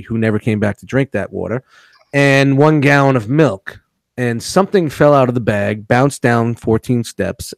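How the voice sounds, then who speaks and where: A man's voice: medium pitch, gravelly, dry recording. Guy on a podcast, mid voice, dry sound, swears a lot telling stories. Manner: swears freely, tells stories animatedly. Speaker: podcast co-host. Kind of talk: casual chat.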